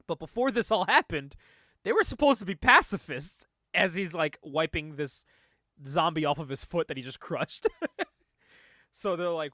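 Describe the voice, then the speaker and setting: A man with a fairly high voice hosts a comic book podcast, talking through a story in a loose, rambling way. He laughs often and swears casually as he goes. The sound is dry, with no room echo. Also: animated, normal speed, bright, forceful tone. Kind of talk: casual comic review chat.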